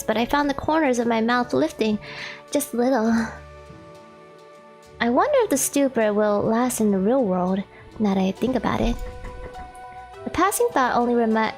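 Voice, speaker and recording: Giggly higher-voiced woman streamer. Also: normal speed, faint music behind. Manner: giggly, chatty, many "like" fillers. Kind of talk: chatting and reading a visual novel aloud.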